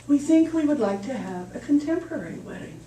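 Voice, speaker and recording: A man's voice: extremely high pitch, animated, a little fast, mellow, slight background noise, pitched above the performer's own voice. A woman putting on a sheepish young groom as she tells a joke in a sermon. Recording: echoey hall from far off.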